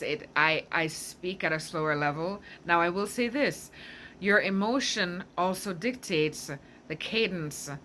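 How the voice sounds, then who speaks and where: Reflective woman with a bright voice. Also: fairly low pitch, a little hiss or hum. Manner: thoughtful, searching for words, frequent "right?". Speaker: spiritual self-help vlogger. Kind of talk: casual reflective monologue.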